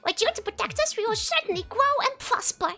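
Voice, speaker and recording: A woman putting on a slow, high, mischievous old elder. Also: expressive, bright, forceful tone, soft background music, exaggerated voice. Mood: pleased, mischievous. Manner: slow, drawn-out, raised old-lady voice. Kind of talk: reading a game text aloud in character.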